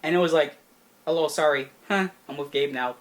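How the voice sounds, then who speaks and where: A man's voice: a little high, brisk. A young man co-hosting a podcast, crudely telling a story in casual chat, laughing often. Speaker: podcast co-host.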